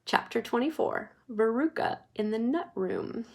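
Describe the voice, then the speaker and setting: A woman reads a children's book aloud in an expressive storytelling manner. Her voice sits fairly high and she narrates at a steady, engaged pace. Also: measured pace, creaky. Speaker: reader.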